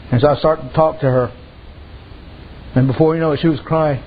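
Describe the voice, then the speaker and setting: A man's voice: high voice, normal speed, slight background noise. A man preaching a sermon, telling folksy stories and dropping repeated amens. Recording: dull lo-fi recording.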